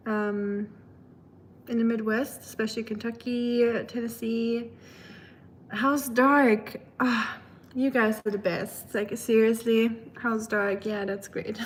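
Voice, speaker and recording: Chatty woman live streamer, slightly high voice. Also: slight background noise. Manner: chatty and rambling, with many fillers and quick laughs. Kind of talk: casual chat reading viewer comments.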